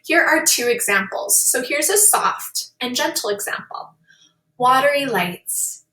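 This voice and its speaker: A woman's voice: high-pitched, lively intonation, moderate pace, bright, forceful tone, recorded from a distance. A woman teaching a lesson on poetry, explaining terms in an upbeat, explanatory way and calling things really cool. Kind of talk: classroom lesson on poetry with read-aloud examples. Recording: echoey room, voice a bit off-mic.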